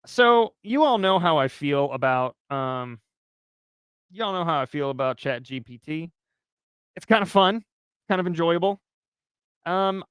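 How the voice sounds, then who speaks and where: With a slightly high, smooth voice, this livestream host chats lively and casually with his viewers, laughing between remarks and reading a story aloud. The studio sound is clean, with no room sound.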